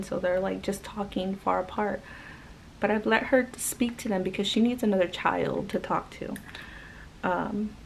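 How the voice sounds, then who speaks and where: Woman vlogger, gravelly fry, casual storytime, rambling fillers, slight background hum. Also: mid-range voice, darkish tone, poor audio. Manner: rambling, many fillers and restarts. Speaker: mother.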